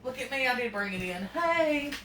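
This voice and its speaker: A woman's voice: high-pitched, animated, moderate pace, sharp tone, recorded from a distance, a little hiss or hum. A woman, chatting casually to viewers as she cooks in her home kitchen, fretting aloud as she fumbles. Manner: folksy, talks to viewers while fumbling and fretting. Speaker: home cooking vlogger. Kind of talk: chatty cooking demonstration. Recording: echoey kitchen from off-mic with clattering pans.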